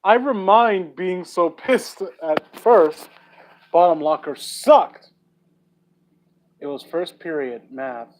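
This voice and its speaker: Here a young man with a high-pitched voice reads fan fiction slowly and dramatically for comedy, breaking in with profane, sarcastic asides. The recording is rough, with slight background noise.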